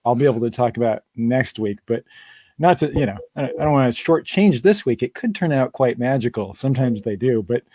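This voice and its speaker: Relaxed man with a warm, mellow voice. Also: mid-range voice, brisk, dry recording. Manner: joking, rambling. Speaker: band member co-hosting a webcast. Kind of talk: casual chat. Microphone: home webcast mic.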